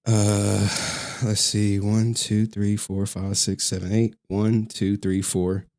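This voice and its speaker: A man with a low voice rants at an unhurried, drawn-out pace as a streamer talking to his viewers. He swears freely, leans on slang and breaks into laughter again and again. His tone stays casual and mocking throughout. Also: level tone, a little mellow. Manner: profane, laughs often, slangy.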